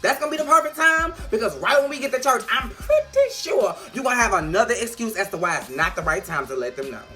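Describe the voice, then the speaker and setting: Woman reviewer, brassy and profane, bright edge, faint music underneath. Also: a little high, fast, hardly any pauses. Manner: sassy, profane, animated. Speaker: TV show reviewer. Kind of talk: casual video review.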